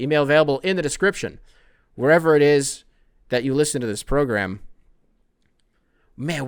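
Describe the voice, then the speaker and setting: Smooth-voiced man hosting a sports podcast. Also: medium pitch. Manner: profane, rambling, joking, mocks athletes with put-on voices. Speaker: podcast host. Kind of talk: casual sports podcast monologue.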